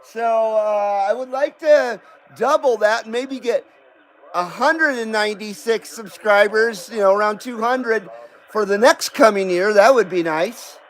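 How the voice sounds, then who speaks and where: A man from the US West Coast with a rather high voice hosts a relaxed live stream. He talks slowly, rambles and jokes at his own expense. Faint noise sits under his voice. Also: poor audio. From West Coast of the United States. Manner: rambling, self-deprecating, laughs often, reads viewer comments aloud. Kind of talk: casual live-stream chat.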